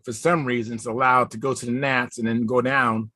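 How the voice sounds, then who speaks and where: A man chatting casually with friends on a video call, telling stories with animated, acted-out quotes. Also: medium pitch, fairly quick, no echo. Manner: animated storytelling, acts out quotes loudly. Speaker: video hangout participant, contest pilot. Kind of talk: casual group chat.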